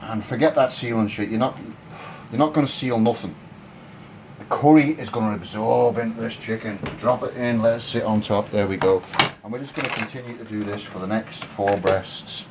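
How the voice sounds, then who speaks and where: A man's voice: on the low side, steady tone, moderate pace. Man, home cook, chatty and crude, kitchen, faint background hum. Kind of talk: casual cooking demonstration.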